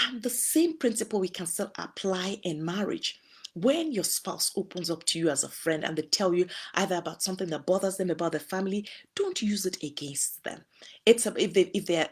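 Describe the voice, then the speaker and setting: A woman's voice: lowish voice, a little fast, breathy edge. A woman from Nigeria giving earnest, advising talk on friendship in marriage, using homely examples. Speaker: host. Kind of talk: relationship talk to listeners.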